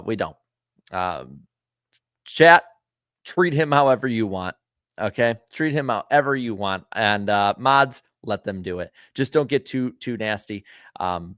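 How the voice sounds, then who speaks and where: With a lowish, slightly bright and smooth voice in studio-quality, echo-free audio, a Florida man hosts a relaxed livestream. He reads viewers' comments and chats in a filler-heavy ramble of ums and uhs, though he turns stern with rude viewers.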